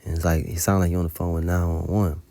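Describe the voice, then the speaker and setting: Talking fast in a low, level, creaky voice with a dark tone, a man shares an informal religious testimony about a dream. The religious teacher tells it colloquially and curses heavily throughout, with no echo on the recording.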